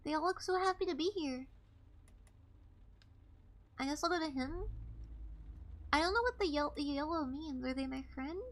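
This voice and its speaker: A woman streamer playing a game live, reading its text aloud and reacting with loud, startled outbursts and swearing. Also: high voice, normal speed, pauses often.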